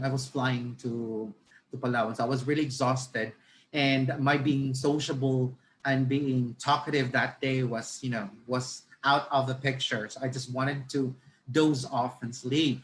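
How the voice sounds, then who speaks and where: A man's voice: mid-range voice, fairly bright tone, slight background noise, rough recording. A man with a Filipino accent giving a casual teaching talk to teachers and parents, telling a story and restarting his sentences often. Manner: conversational, many restarts, switches into Filipino words. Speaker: teacher trainer.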